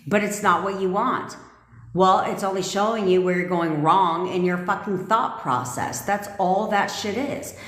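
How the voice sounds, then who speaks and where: A woman's voice: medium pitch, unhurried, reverberant. A woman manifestation coach talking bluntly and profanely on a casual livestream rant, often laughing.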